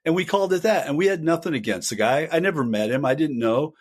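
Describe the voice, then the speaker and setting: A man's voice: a little high, animated, fast talker, breathy edge. Older man rambling through band stories. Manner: rambling, self-deprecating storytelling. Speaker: guest, punk band singer. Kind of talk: casual podcast chat.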